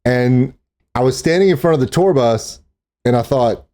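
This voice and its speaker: Regular-pitched guy rambling through his vlog, jokes at his own expense. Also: animated, normal speed, dark tone. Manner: chatty, self-deprecating. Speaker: vlogger. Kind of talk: casual vlog narration. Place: outdoors in a parking lot.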